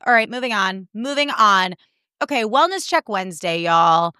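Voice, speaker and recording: A woman's voice: mid-range voice, expressive, normal speed, bright, forceful tone, clear, resonant tone, dry recording. Young woman, podcast host from Chicago, heated and swearing freely, dry close mic. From Chicago, US Midwest. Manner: heated profanity-laced rant. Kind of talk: casual chat.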